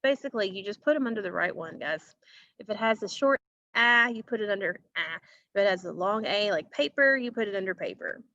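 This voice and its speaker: A teacher leads a recorded phonics lesson in a bright, lively voice. She slows right down to sound out each vowel for her students. The dry, slightly muffled audio points to a computer microphone. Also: mid-range voice, no echo. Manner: slow, drawn-out modeling of vowel sounds, addressing students directly.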